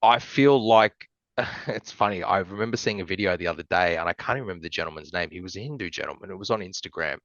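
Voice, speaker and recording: A man's voice: deep voice, fast talker, a bit bright, dry recording. Rambling man with a dull dry sound. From Australia. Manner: rambling, heavy fillers, swears, emotional. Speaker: podcast guest. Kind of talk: casual chat.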